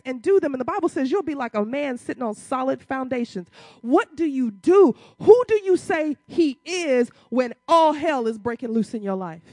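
High-pitched lady preaching hard, lots of questions, casual church talk, dry mic. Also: dry recording. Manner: impassioned, rising to loud emphatic peaks; uses casual church vernacular, rhetorical questions. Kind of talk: sermon.

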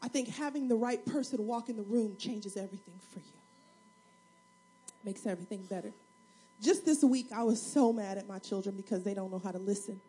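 A woman preaching a sermon, telling a personal story in an animated, humorous way that swings between loud and soft. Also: medium pitch, a little fast, husky. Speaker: single mother of two.

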